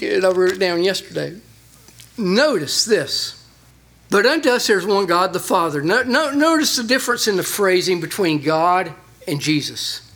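This man, a pastor, is preaching: he reads a passage of scripture and unpacks it with growing emphasis. His delivery is lively, with his voice rising higher on the points he stresses.

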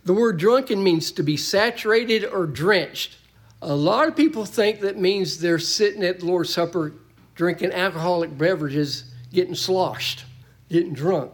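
A man's voice: high voice, lively intonation, unhurried. A man preaching a sermon in a church, folksy and emphatic, joking with the congregation.

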